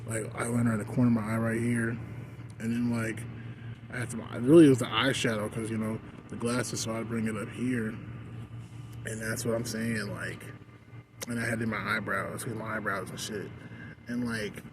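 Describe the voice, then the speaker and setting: A man's voice: lowish voice, level tone, normal speed, noisy background. A man ranting in a casual vlog, rambling and swearing constantly, with "like" in nearly every phrase. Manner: rambling, profane, constant "like" fillers.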